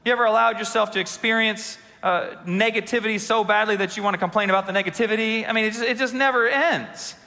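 Guy pastor with a high bright voice, joking around and asking the crowd stuff, big echoey church. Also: steady tone, quick pace, hardly any pauses. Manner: storytelling with humor and audience questions. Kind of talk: sermon.

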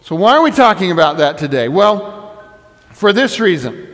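High-voiced pastor teaching in a hall. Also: male voice, very animated, normal speed, a bit bright. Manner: explanatory, conversational, emphatic repetition. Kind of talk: teaching sermon.

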